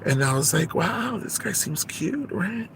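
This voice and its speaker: A man's voice: high-pitched, sing-song, unhurried, creaky, a bit bright, a little hiss or hum, full character voice. A man voicing a brassy, shameless young Tejana woman, gossiping and code-switching in a confessional comedy vlog. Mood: gossipy. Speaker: vlog character. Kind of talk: comedic character monologue.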